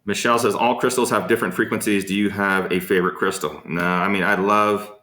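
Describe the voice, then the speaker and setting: A man's voice: fairly low pitch, steady tone, fairly quick, sharp tone. A man hosting a casual live Q&A, telling rambling stories full of fillers and answering viewers' questions. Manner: rambling, anecdotal, frequent fillers. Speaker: host of a live Q&A. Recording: echoey room.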